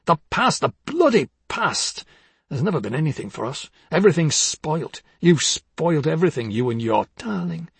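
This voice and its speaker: A man reading the part of a bitter, jealous older husband, accusing and husky, dropping to hushed tones and rising to harsh outbursts. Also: a little high, very animated, moderate pace, no room sound, full character voice. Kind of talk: dramatic audiobook reading.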